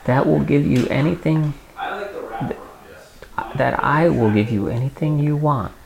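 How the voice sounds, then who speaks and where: A man reading a storybook aloud and voicing a boastful male circus ringmaster, in a gravelly, slow voice. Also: mid-range voice, a crowd in the background, voice pushed up, poor audio. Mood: showy.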